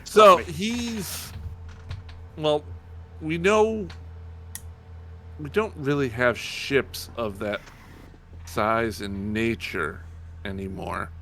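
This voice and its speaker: A man's voice: mid-range voice, drawn-out words, long pauses, sharp tone, slight background noise. A man playing a tabletop role-playing game, narrating his character's actions with dry, wry remarks. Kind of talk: casual role-play banter.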